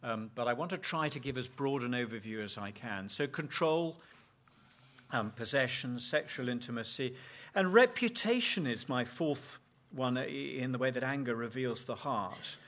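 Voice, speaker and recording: A man's voice: medium pitch, normal speed, a bit bright. A man speaking at a conference, teaching on Bible passages in a thoughtful way and often repeating words as he searches for his phrasing.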